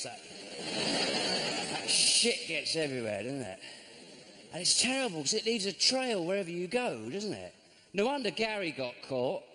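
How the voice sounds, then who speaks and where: A sardonic middle-aged comedian performing stand-up on a theatre stage, his voice climbing and dropping all over the place. It is a live recording, with the loud hum of the audience hall filling the background. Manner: dry, sardonic delivery with sudden squeaky high mock voices. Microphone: stage microphone.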